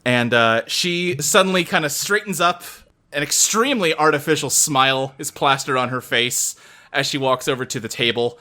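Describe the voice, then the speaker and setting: A man's voice: mid-range voice, normal speed, pushed and bright. A man narrating and running a tabletop game in casual, profane talk. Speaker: game master.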